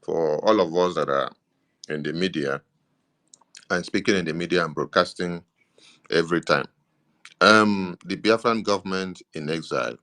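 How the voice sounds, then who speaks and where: A man with a Nigerian accent delivers an impassioned political address with a very low, heavy voice. He speaks as a government media minister and punctuates his points with emphatic affirmations. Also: fairly bright tone. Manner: emphatic, repeats "yes" to stress points.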